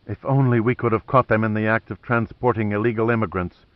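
A man's voice: lowish voice, fairly even intonation, quick pace, no room sound, lo-fi sound, lightly acted. A man voicing a tough, determined female undercover agent with a fierce edge. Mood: earnest.

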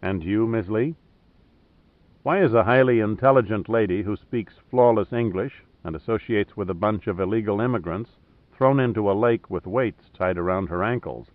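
A man's voice: on the low side, moderate pace, dry recording, natural voice. A man reading a tough male adventurer who talks with dry, understated humor. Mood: wry. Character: wry, tough male adventurer, wounded and laconic. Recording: narrow phone-like sound.

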